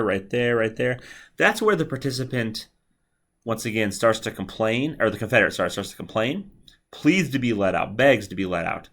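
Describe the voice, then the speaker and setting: Speaking in a mid-range, fairly bright voice, a psychology lecturer talks casually through a recorded video lecture. He repeats himself frequently and punctuates with "all right."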